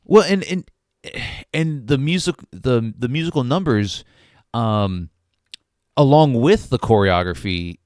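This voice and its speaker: A man co-hosting a podcast, talking about a film in a halting way, full of restarts and ums. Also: mid-range voice, lively intonation, darkish tone, no room sound, studio quality. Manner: hesitant, many restarts and ums. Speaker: podcast co-host. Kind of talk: casual movie review chat.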